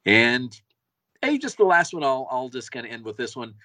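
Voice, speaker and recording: A man's voice: medium pitch, sing-song, moderate pace, bright, forceful tone, no echo. A man co-hosting a podcast, chatting casually and enthusiastically, often repeating words as he goes. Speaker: podcast co-host. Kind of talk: casual chat.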